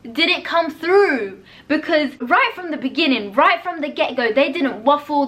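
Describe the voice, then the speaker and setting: A young woman chatting casually and bluntly as a vlogger reviewing films, animated and talkative. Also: high voice. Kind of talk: casual chat.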